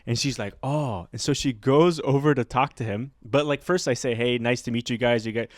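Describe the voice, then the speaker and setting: A man hosting a podcast, telling a bar story in a rambling, animated way with lots of fillers. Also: mid-range voice, fairly quick, no echo, clean studio sound. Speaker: podcast host. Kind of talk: casual storytelling chat.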